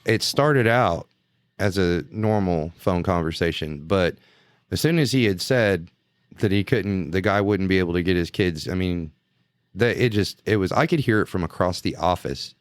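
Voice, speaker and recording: A man's voice: low voice, moderate pace, clean tone, dry recording, studio quality. A man co-hosting a podcast who mostly listens with short replies, then adds plain context in a casual way. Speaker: podcast co-host. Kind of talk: casual chat.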